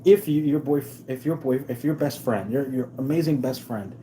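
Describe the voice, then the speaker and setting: Mellow-voiced man ranting sarcastically. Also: mid-range voice, moderate pace, slight background noise. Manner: sarcastic, emphatic, lots of restarts. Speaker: live stream host. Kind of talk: casual ranting commentary.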